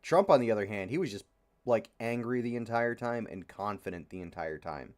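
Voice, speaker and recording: A man's voice: on the low side, animated, a little fast, a little mellow. A young man hosting a casual podcast, rambling and frustrated, with many fillers and free swearing. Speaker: podcast host. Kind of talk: casual opinionated chat.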